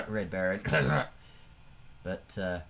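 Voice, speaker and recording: Speaking extremely slowly in a low, steady, fairly bright voice, a let's play host chats casually over a flight-sim game. He thinks aloud and trails off while clicking through menus.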